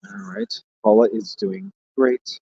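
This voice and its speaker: A man's voice: medium pitch, very animated, slow, creaky, warm tone, husky, no echo, lo-fi sound. A man hosting a livestream, chatting casually and joking as he rambles and reads out viewer comments. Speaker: livestream host.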